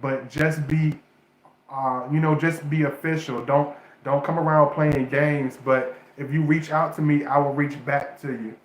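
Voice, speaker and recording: A man's voice: fairly high pitch, level tone, measured pace, a little hiss or hum. Emotional man livestreaming in an echoey room. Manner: emotional, repetitive, restarts phrases, addresses viewers as y'all. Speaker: spiritual advice streamer. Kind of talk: casual livestream talk.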